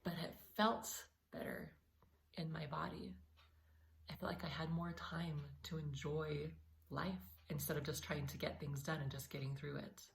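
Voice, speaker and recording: A woman's voice: deep voice, fairly even intonation, measured pace, gravelly, a little hiss or hum. A woman vlogger talking to camera in an earnest, encouraging way, speaking straight to her viewers. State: a little emotional. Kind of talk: heartfelt talk to camera.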